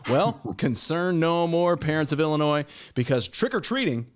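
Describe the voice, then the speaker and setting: A man's voice: on the high side, sing-song, normal speed, clean tone. A man co-hosting a talk podcast, teasing the host and reading news items aloud. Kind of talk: casual talk-show banter.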